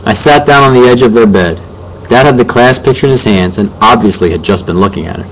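Guy narrating a story, steady plain reading, normal pitch. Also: fast, poor audio. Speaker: audiobook narrator. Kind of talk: first-person storytelling.

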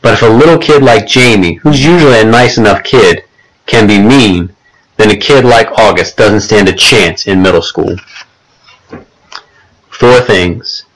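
A man's voice: lowish voice, a little slow, poor audio. A man reading a first-person novel as an audiobook narrator, in a casual, conversational manner.

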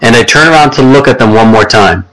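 A man's voice: medium pitch, animated, quick pace, fairly bright tone, poor audio. A man reading a first-person audiobook story in a plain, conversational way. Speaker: audiobook narrator.

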